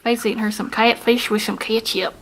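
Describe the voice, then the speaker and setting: High-voiced woman chatting playfully on camera. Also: little pitch movement, brisk, gravelly, a bit bright, a little hiss or hum. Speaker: vlog host filming her family. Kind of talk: casual family vlog chat.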